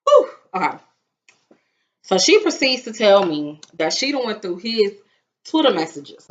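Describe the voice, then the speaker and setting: A woman's voice: mid-range voice, measured pace, slight background noise. A young woman, telling a story in casual, dramatic vlog chat. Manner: animated, dramatic retelling with acted-out quotes. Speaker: vlogger. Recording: dull lo-fi sound.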